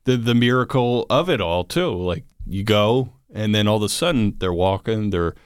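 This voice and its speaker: A man's voice: lowish voice, expressive, moderate pace, clean tone, dry recording, studio quality. A man hosting the conversation, reacting with short supportive remarks and laughs. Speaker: host. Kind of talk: casual chat.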